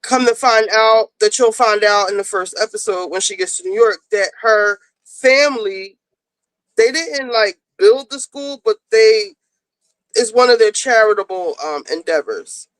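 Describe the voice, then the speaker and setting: A woman's voice: on the high side, unhurried, no room sound, low-quality recording. Rambling woman recapping a show, dry sound. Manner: rambling, animated, acts out characters' lines. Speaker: podcast host. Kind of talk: casual chat retelling a TV show.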